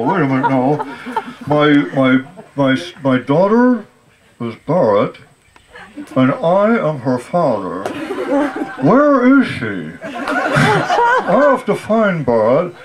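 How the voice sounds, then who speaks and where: A man putting on a confused old father, raised voice, slow and stumbling, begging to be heard. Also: wildly swooping pitch, noisy background, exaggerated voice. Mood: pleading. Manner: slow, halting, pleading, raised pitch. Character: befuddled, earnest elderly father, muddled and pleading.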